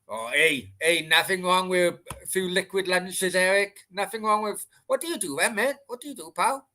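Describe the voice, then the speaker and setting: Answering questions from chat on a laid-back late-night livestream, a man from Wales talks at a moderate pace with few pauses. His high voice has lively intonation and a sharp tone, and he's chatty and sweary, rambling along with many restarts.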